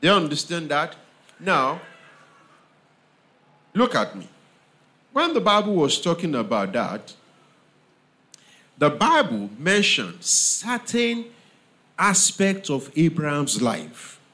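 A man preaching a sermon, slow and emphatic, repeating phrases and often asking the audience if they understand. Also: a little high, very animated, sharp tone.

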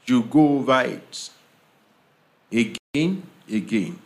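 Medium in pitch and animated, this man's sermon moves slowly with strong emphasis. Repetition runs through it, and he often asks the audience whether they understand.

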